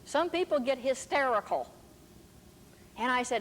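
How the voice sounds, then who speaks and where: An older woman, a preacher and teacher, delivers a sermon in a high-pitched, animated voice at a moderate pace, pausing often. She tells stories emphatically, recorded in an echoey hall with faint background noise.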